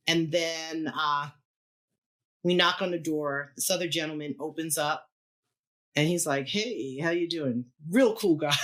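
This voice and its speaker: Middle-aged woman guest chatting, slightly low voice, laughs a lot and does the voices of people she quotes. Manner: animated, laughs often, acts out quoted voices. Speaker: podcast guest, keyboardist. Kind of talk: storytelling in casual chat.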